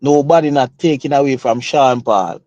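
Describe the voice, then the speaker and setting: A man's voice: mid-range voice, normal speed, a little mellow, dry recording, highs cut off. A man with a Jamaican accent arguing his point as a panelist, pushing back again and again. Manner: argumentative, pushes back repeatedly. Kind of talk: heated panel debate.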